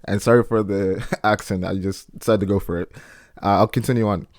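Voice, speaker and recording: A man with a fairly low voice talks on a podcast, his tone earnest and measured. The sound is close and dry, with no room echo, as he builds his point and sets up each quote he reads. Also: steady tone, darkish tone. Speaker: podcast guest speaker. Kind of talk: explanatory podcast talk.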